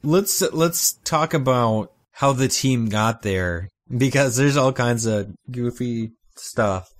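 A man's voice: medium pitch, takes it slowly. A man co-hosting a podcast in casual chat, retelling cartoon scenes with jokes. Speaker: podcast co-host.

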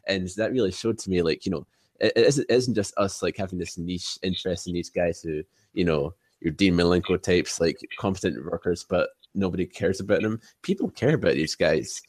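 Deep-voiced halting male podcaster. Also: a little mellow, no echo. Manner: halting, heavy use of "like". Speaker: podcast co-host. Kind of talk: casual wrestling chat.

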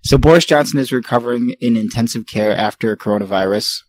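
A man hosting a casual podcast, reading news with an easygoing, hedging manner and quick laughs. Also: mid-range voice, dry recording, low-quality recording. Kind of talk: casual chat.

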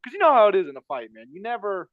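A man with a high voice rattles through a personal story at a quick clip, circling back and repeating himself. The sound is dry and a little dull, recorded close with no room around it. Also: sing-song, no room sound. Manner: rambling, repeats himself, frequent fillers. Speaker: podcast guest telling a story. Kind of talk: casual storytelling chat.

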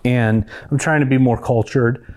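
A man hosting a comedy show, talking in a dry, earnest, halting way. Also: mid-range voice, steady tone, a little mellow. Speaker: host. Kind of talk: deadpan comedy chat.

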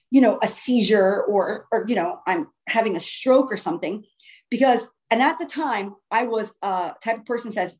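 A woman telling her own story in a casual, earnest way, often restarting her phrases for emphasis. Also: medium pitch. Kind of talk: casual first-person storytelling.

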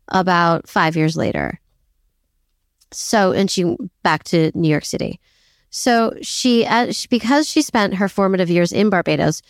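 A woman's voice: lowish voice, no room sound. Chatty woman podcast host, pokes fun at herself, dry close mic. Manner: chatty, self-deprecating, laughs often. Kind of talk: casual history podcast chat.

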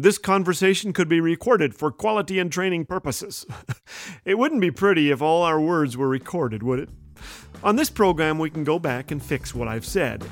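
Middle-aged guy hosting a funny radio devotional, highish voice, joking at himself, faint music behind. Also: no room sound. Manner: playful, self-mocking, chuckling at his own slips. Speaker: radio host.

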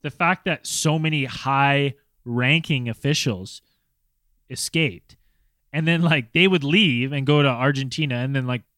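A man in a casual podcast chat, halting, with many pauses and fillers as he works through a list. His pitch is ordinary for a man. The recording is dry and close. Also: a bit bright, no room sound. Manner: halting, reads names from notes. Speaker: podcast co-host.

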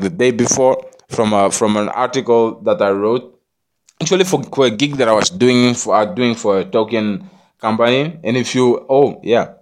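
Man, mid-pitched, vlogging a meandering, preachy monologue that loops back on itself. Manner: rambling, repetitive, preachy, swears, keeps asking "you understand me?". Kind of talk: rambling monologue to camera.

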